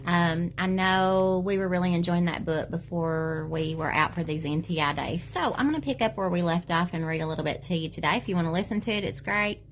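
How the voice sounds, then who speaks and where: Teacher, woman, reads children's book to class, gentle, animated, light hiss behind. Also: lowish voice, brisk, hardly any pauses. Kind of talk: reading a children's book aloud.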